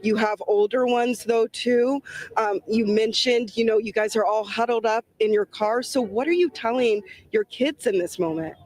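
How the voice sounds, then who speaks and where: A man with a notably high voice, working as a field reporter. He asks gentle, sympathetic questions and draws out the person he is interviewing, nodding along with short "right" and "yeah" replies. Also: normal speed, no room sound, low-quality recording.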